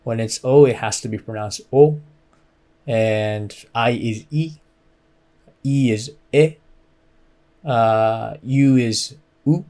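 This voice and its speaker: A man's voice: medium pitch, slow, pauses often, dark tone. A man teaching a beginner language lesson, explaining patiently with many fillers and modeling phrases for the listener to repeat.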